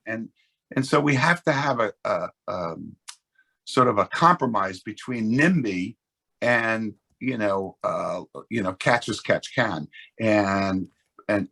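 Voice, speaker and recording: Male real estate exec, webinar guest; raspy, gravelly delivery, earnest and full of restarts. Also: lowish voice, fairly bright tone. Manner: earnest, explanatory, many restarts. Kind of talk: webinar panel discussion.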